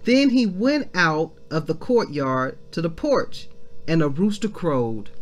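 A woman leading a devotional Bible reading. She comments excitedly as she reads and calls her listeners family. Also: low voice, unhurried, soft background music. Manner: exclaiming, addresses listeners as family. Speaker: devotional leader.

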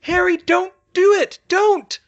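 Frantic young woman in an audiobook, desperate, high strained cries, read by a man. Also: fairly even intonation, slow, lo-fi sound. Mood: screaming.

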